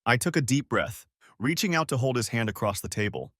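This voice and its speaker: A middle-aged man reading a first-person story as an audiobook narrator, steady and earnest. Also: mid-range voice, fairly quick, no room sound, clean studio sound.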